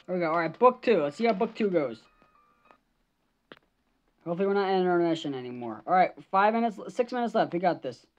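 A woman's voice: on the low side, animated, brisk, pauses often. A woman gamer giving live gaming commentary, jumpy, swearing and shrieking at scares, on a slightly dull lo-fi mic.

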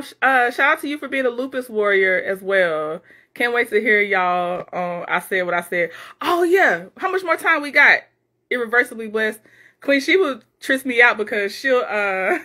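Speaking with a fairly high pitch, a woman runs a laid-back live stream. She reads out comments from viewers and responds with lively chatter, laughing often.

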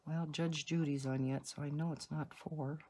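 A woman's voice: low-pitched, steady tone, moderate pace, dark tone, breathy edge. A woman hosting a coloring channel, chatting casually and rambling through asides while she colors at home. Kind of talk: casual color-along chat. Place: home, indoors.

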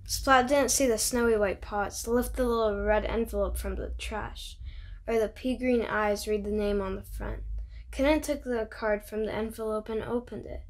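A woman reading a children's picture book aloud, bubbly and chatty, stopping to comment on the pictures. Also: mid-range voice.

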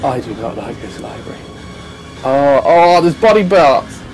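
A man's voice: medium pitch, animated, a little slow, noisy background. Jumpy, swearing gamer man. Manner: jumpy, swearing, nervous laughter. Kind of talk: horror game let's-play commentary.

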